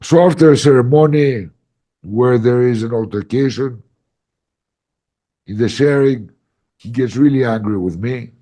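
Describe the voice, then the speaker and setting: A man facilitating ayahuasca workshops, telling a story in a casual podcast chat, animated and emphatic with lots of "like" fillers. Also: medium pitch, unhurried, long pauses.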